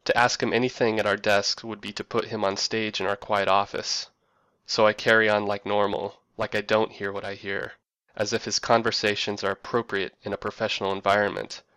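A man reading a scripted narration with a dry, wry deadpan delivery. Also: fairly low pitch, normal speed, no echo.

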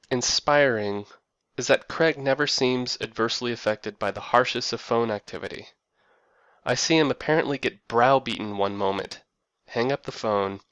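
A man reading a scripted narration with a dry, wry deadpan delivery. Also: mid-range voice, clean tone, dry recording.

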